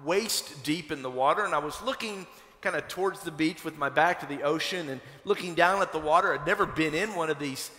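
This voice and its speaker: A man from Kentucky, a pastor, preaching a sermon and telling a personal story in a conversational, animated way. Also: on the high side, brisk. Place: church sanctuary. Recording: long hall reverb from a church sanctuary.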